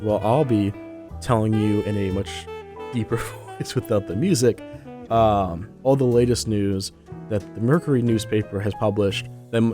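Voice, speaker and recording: A young man hosting a student radio podcast, short of breath and congested, chatting loosely with many fillers before reading the news. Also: lowish voice. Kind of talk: casual chat, then news reading.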